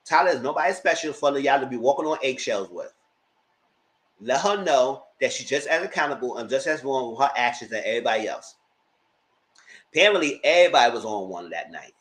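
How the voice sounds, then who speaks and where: Animated man recapping reality TV. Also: fairly high pitch, poor audio. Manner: animated retelling with mock voices. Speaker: TV reality show commentator. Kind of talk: casual recap commentary.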